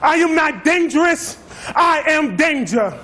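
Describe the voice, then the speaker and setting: Spoken word poet, male, very high voice, fierce rhythmic shouting. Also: expressive, measured pace. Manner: intense, rhythmic, shouted delivery. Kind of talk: spoken word poetry performance.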